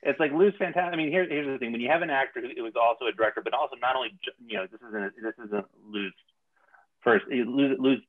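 A man's voice: mid-range voice, fast talker. A male showrunner speaking casually in an interview on a video call, rambling with many restarts. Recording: tinny phone-like line.

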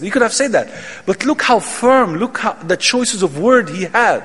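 A man's voice: high voice, big pitch swings, moderate pace, slightly rough. A man giving an Islamic lecture, telling a story dramatically with emphatic quoted dialogue. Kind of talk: sermon storytelling. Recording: long hall reverb.

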